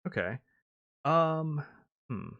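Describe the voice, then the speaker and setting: A man co-hosting a podcast, talking casually and thinking out loud as he plans segments. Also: a little high, very animated, very slow, creaky, highs cut off. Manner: plans aloud with many fillers and restarts. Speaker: podcast co-host. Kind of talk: casual chat.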